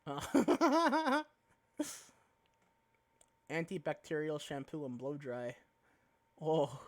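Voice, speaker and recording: A woman's voice: low-pitched, big pitch swings, very slow. A woman streaming a game live, chatting in a giggly, rambling way with lots of fillers. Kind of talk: live gameplay commentary.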